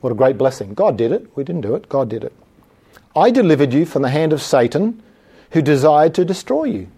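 A preacher with a dark, slightly rough mid-range voice reads scripture slowly and emphatically. He then explains it in simple conversational terms during his sermon, now and then breaking into a chuckle.

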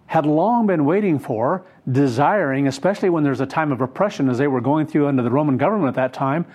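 A man preaching a sermon, retelling a scripture story in an unhurried, emphatic way with frequent fillers. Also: a little high, darkish tone.

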